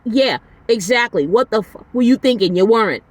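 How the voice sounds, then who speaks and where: A woman's voice: on the high side, animated, moderate pace. A woman hosting a solo podcast, ranting bluntly and with exasperation, swearing now and then. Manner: soft, tired sign-off. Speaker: podcast host.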